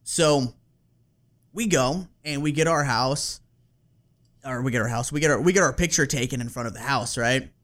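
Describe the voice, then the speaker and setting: A man hosting a podcast, telling a story in casual chat, animated and laughing, with casual swearing and plenty of fillers. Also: medium pitch, normal speed, pauses often.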